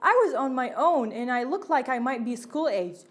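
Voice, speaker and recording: A sheepish teenage boy wizard pleads and explains himself in a slightly raised voice, as a woman reads him. Storybook reading, defensive and hurried. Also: high voice. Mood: explaining.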